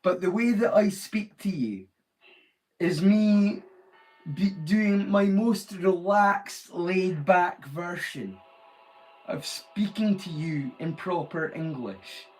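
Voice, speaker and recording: Scottish guy rambling away to his stream chat, voice a bit on the high side, keeps restarting sentences. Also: slow, darkish tone, faint music behind, low-quality recording. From Scotland. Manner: chatty, rambling, explaining with many restarts. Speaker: streamer hosting a watch-along. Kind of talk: casual chat to viewers.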